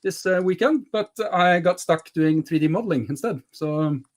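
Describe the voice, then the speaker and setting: Hesitant man on a headset, fairly high. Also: normal speed. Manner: hesitant, many fillers. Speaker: co-host. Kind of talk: casual chat.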